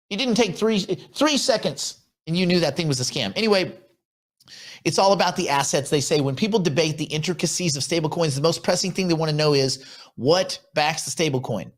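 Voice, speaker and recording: A man co-hosting a casual chat show, joking and teasing his co-host. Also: fairly high pitch.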